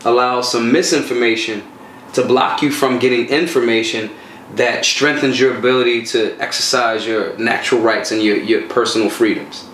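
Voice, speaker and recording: A man talks in loose, slangy, animated stories, his mid-pitched voice bouncing around a reverberant room. A soft hum of ambience sits underneath. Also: moderate pace. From Philadelphia. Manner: animated, streetwise storytelling with slang. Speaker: guest, gun rights activist. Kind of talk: casual conversational interview.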